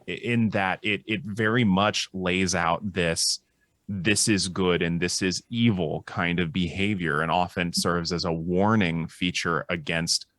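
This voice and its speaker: A man with a very low voice talks through ideas on a panel show. He sounds thoughtful and restarts his sentences often. The sound is dry and close. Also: a bit bright, dry recording. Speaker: psychologist co-host. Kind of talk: casual panel discussion.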